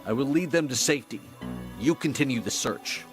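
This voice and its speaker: A man's voice: mid-range voice, expressive, lightly acted. A man voicing a stern game commander. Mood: grave. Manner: grave, commanding, measured. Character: stern male commander rescuing prisoners from dragons. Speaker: game character. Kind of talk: video game voice acting. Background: game music.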